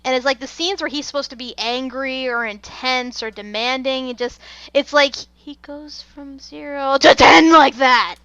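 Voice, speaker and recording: Bright, high-voiced woman on a dull mic. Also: normal speed, smooth, dry recording. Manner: animated, laughing asides. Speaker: podcast co-host. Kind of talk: casual film review chat.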